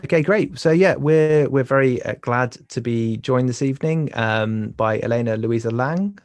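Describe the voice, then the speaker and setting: A man hosting a conversational podcast interview, halting and often repeating words as he talks. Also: mid-range voice, darkish tone, no echo, faint music behind. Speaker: podcast host.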